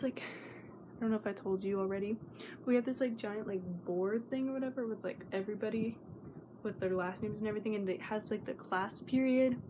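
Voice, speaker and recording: A woman's voice: medium pitch, background noise. A teenage girl vlogging in a nervous, rambling way, often dropping to a whisper. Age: teens. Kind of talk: casual vlog chat.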